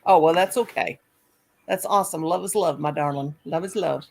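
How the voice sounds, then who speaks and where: Older lady hosting a stream, kinda gravelly, lowish voice, rambles on warmly. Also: normal speed, low-quality recording. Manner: chatty, affectionate, scattered. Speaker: livestream host. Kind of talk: casual chat.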